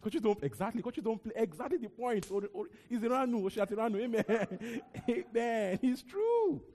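With a quick pace and a voice that sits high, a young Nigerian man delivers a sermon in an energetic, talky manner, repeating words and veering into asides. The recording carries a long hall reverb.

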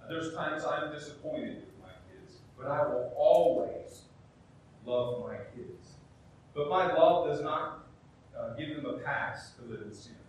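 A middle-aged pastor preaching, his slightly high voice pressing hard with rhetorical questions and little acted-out asides. He is heard from a distance in a very echoey hall, a faint rumble underneath. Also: a little slow. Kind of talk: sermon.

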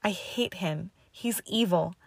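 A woman's voice: lowish voice, slow pace, gravelly, husky, no echo, exaggerated voice. Woman narrator voicing an upset young student witch, defiant and pleading, dry close sound.

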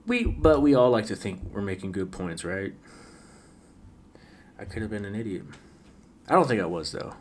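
A man's voice: on the low side, sing-song, normal speed, long pauses, a little mellow, a little hiss or hum. A man hosting a late-night solo podcast, rambling wryly with frequent stammered restarts. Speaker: podcast host.

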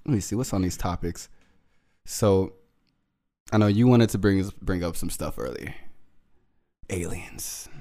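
A man's voice: sits low, unhurried, long pauses, dark tone. A young man co-hosting a podcast, bantering casually with laid-back swearing and laughter. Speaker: podcast co-host. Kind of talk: casual chat.

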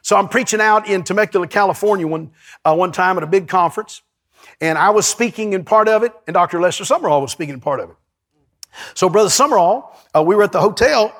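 A male pastor, preaching a lively sermon in a church and calling out to his congregation. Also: sits high, quick pace. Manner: lively, storytelling, calls to the congregation.

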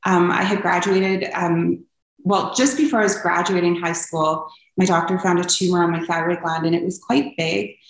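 A woman's voice: on the low side, steady tone, normal speed. A young woman telling her personal story as an interview guest, earnest and open, with frequent ums. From Canada. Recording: echoey room.

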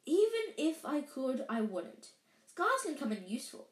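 A woman voicing a wise old male wizard who speaks in a calm, measured, gently wry way, read aloud from a storybook in an echoey room. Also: high-pitched.

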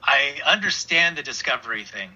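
A man's voice: mid-range voice, expressive, moderate pace, pushed and bright, slightly rough. A man co-hosting a podcast, chatting casually in an agreeable, supportive way and laughing easily. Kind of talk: casual chat. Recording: dull lo-fi audio.

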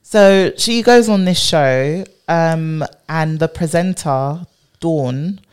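A woman co-hosting a podcast in casual, emphatic chat, quick to laugh. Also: low-pitched, darkish tone, smooth. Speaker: podcast co-host.

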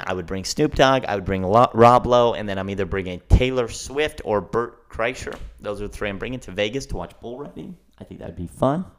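Rambling, excitable young man podcasting. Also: on the low side. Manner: rambling, excitable, self-described fast talker. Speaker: podcast host. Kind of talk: casual solo podcast rant.

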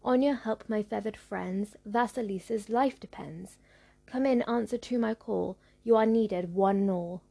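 A woman voicing a calm, comforting magic doll in a storybook reading, chanting rhyming calls. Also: medium pitch, normal speed, natural voice. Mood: summoning.

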